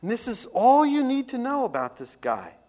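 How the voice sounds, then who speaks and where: A man preaching a radio sermon as host, emphatic and swinging between loud declarations and hushed asides. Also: extremely high pitch, huge pitch swings, normal speed.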